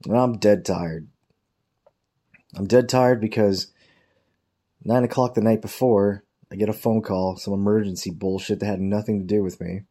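Speaking at a normal speed with long pauses, this man has a low, dark voice and a steady tone. His casual, foul-mouthed work anecdote wanders along as he mimics coworkers mockingly.

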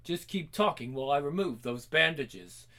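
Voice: mid-range voice, animated, moderate pace, bright, forceful tone, pitched below the performer's own voice. A reader doing a soothing hospital doctor. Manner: soothing bedside manner. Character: brisk reassuring hospital doctor.

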